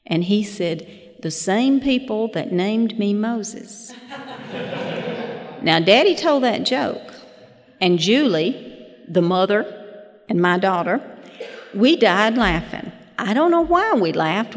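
A woman's voice: medium pitch, very animated, slow pace, pauses often. A woman in her fifties sharing her personal story at a recovery meeting, folksy and self-deprecating, with chuckling asides. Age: 50s. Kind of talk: personal testimony with humorous storytelling. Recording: long hall reverb.

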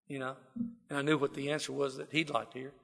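A man's voice: medium pitch, level tone, quick pace, vocal fry, fairly bright tone, in a large hall. A man from South Texas with a Southern drawl, telling his life story in a folksy, rambling way full of fillers. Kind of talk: personal testimony talk. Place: wooden building, to a gathered audience.

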